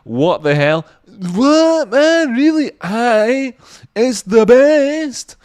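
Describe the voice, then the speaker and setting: A man doing a squeaky drunk Scottish bloke. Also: slow pace. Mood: incredulous. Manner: high excited drawling voice. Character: rowdy drunk Scottish man raving about odd food.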